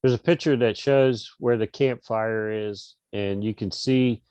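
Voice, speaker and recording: Low-voiced man telling a rambling story. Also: fairly even intonation, a little slow, a little mellow, clear, resonant tone, no echo, highs cut off. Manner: rambling, many restarts and fillers. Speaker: interview guest. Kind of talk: casual storytelling.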